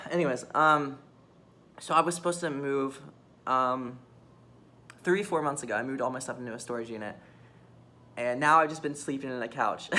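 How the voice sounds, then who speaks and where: A woman's voice: a bass voice, normal speed, pauses often, bright, forceful tone. A young woman talking candidly into her phone camera in a mostly empty room, rambling with restarts, swearing and nervous laughs. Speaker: vlogger. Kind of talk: candid personal confession.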